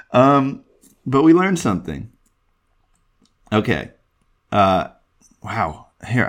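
A man hosting a solo podcast, talking casually from his desk in a lowish voice. He rambles, gets in his own way with restarts and fillers, and pokes fun at himself. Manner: rambling, self-deprecating, lots of ums and restarts. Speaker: podcast host.

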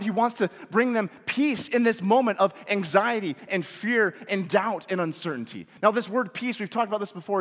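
Male pastor preaching, slightly high voice, swings between emphatic questions and hushed phrases, long reverb. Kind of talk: sermon.

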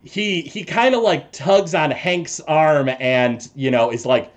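A man narrating a tabletop game as game master in an unhurried storytelling manner. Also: fairly high pitch.

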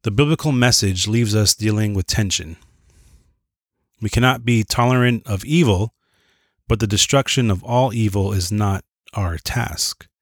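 A man with a fairly low voice teaches a Bible lesson. He reads from his notes in an earnest way, trips over words and corrects himself, and drops in casual asides. The sound is dry and close, with no room echo. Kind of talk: reading notes and explaining, with asides.

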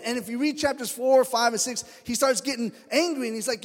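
A man with a high, light voice preaches in a church sanctuary, and his words ring out with a long hall reverb. He talks in a loose, conversational way and slips into the voices of the people in his stories. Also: a little fast. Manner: conversational storytelling, acts out quoted voices. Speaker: pastor. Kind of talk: sermon.

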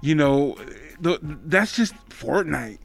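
A man's voice: fairly high pitch, expressive, slow pace, gravelly, breathy edge, soft background music. A man chiming in on a casual conversation with short, agreeing remarks. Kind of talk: casual chat.

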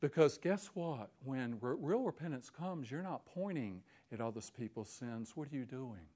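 A man preaching a sermon, reading scripture aloud with slow emphasis and swinging from hushed tones to near-shouting fervor. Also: medium pitch, lively intonation.

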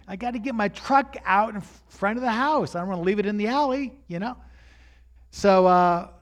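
A man preaching as he tells a personal story with animation, rising to shouts at the high points. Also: normal speed.

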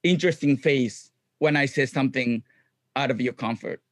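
Man in halting non-native English. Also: mid-range voice, fairly bright tone, no room sound. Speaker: guest, clown comedian and improviser. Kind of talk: casual interview.

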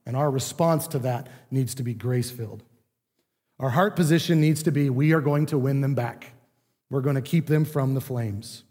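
A man's voice: medium pitch, moderate pace, a little mellow. A man preaching a sermon in a conversational teaching manner, acting out what people say. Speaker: pastor. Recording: long reverb of a large room.

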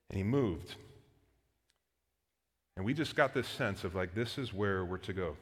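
A man's voice: lowish voice, fairly bright tone. A man in his thirties, a pastor preaching a sermon in a casual storytelling way with frequent fillers. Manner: conversational, storytelling with filler words. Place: church auditorium. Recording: long hall reverb.

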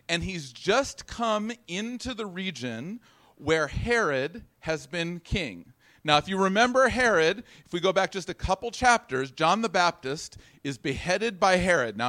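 A man's voice: a little high, pushed and bright. A man preaching a sermon, teaching in a conversational way with asides and questions to his congregation. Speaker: pastor.

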